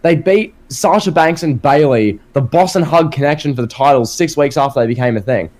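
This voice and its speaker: A man's voice: a little high, a little fast, a little mellow. An Australian man hosting a casual wrestling podcast, firing off rhetorical questions with a sarcastic edge. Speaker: podcast host.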